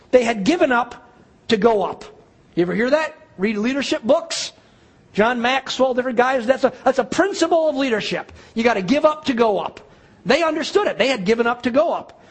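A man preaching a sermon, telling a story with animated delivery and acting out the quoted dialogue. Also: very high voice, slightly rough.

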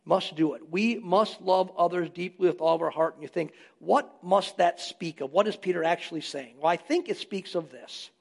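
A man preaching from the pulpit in a church, his voice pitched high with a gravelly rasp. He drives key lines hard and loud, then drops back to a conversational tone. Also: normal speed, hardly any pauses. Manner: emphatic preaching, rising loud on key phrases. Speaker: pastor. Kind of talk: sermon.

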